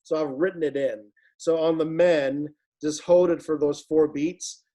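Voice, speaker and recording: A man's voice: a little high, steady tone, unhurried, dark tone. A man directing a virtual choir rehearsal, patiently explaining Latin diction and demonstrating each sound. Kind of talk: online rehearsal instruction.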